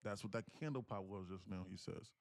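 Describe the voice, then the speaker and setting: This man's voice is lowish, brisk, and gravelly as he hosts a live day-trading stream. He talks casually and animatedly, reading chat messages aloud and peppering his speech with slang and the occasional curse.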